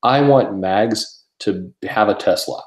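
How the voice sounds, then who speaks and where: A man's voice: lowish voice, slow pace, rough recording. A man hosting a casual podcast chat, ranting in exasperation with many restarts and blunt swearing. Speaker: show host.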